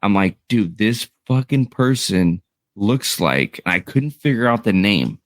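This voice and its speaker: A man's voice: on the low side, animated, a little slow. A man in his thirties chatting casually as a co-host, rambling and swearing loosely. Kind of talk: casual chat.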